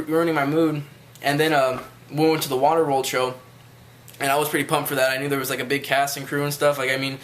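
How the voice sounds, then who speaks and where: A man's voice: mid-range voice, a bit bright, a little hiss or hum. Rambling young guy telling a story. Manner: rambling, loose, with frequent swearing. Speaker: vlogger. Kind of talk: casual storytelling rant.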